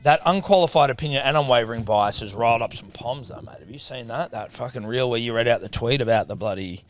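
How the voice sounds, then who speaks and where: A man's voice: mid-range voice, quick pace, no room sound, soft background music. An Australian man co-hosting a podcast, trading sarcastic, mock-exasperated banter in casual chat. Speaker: podcast co-host.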